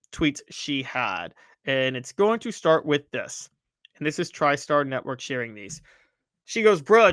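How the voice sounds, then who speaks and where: A man hosting a sports talk show, giving animated, opinionated commentary and reading social media posts aloud. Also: fairly high pitch, no echo. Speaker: sports podcast host.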